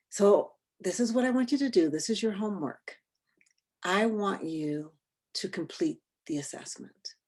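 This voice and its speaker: A workshop trainer with a warm, mid-range voice runs a session over video call. She keeps things conversational and fires quick questions at her group.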